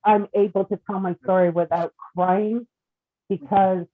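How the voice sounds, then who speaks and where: A woman's voice: medium pitch, fairly even intonation, unhurried. Earnest woman author, phone-line sound. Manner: earnest, heartfelt storytelling. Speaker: children's book author. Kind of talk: casual chat on a group call.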